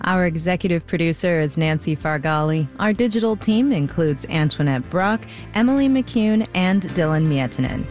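A woman host reading a scripted news report in a measured, even way. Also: on the low side, soft background music.

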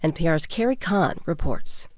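A woman newscaster reading national headlines in a crisp, formal broadcast style. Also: deep voice, expressive, moderate pace, no echo. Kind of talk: scripted news reading.

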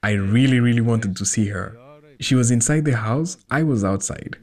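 A man voicing an English translation over an interview, telling the story in a calm, measured way. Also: mid-range voice.

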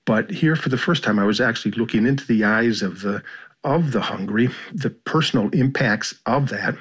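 American male journalist guest, husky, mid-pitched, reflective interview talk. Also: fairly bright tone. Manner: measured, thoughtful, with frequent "you know" and "kind of".

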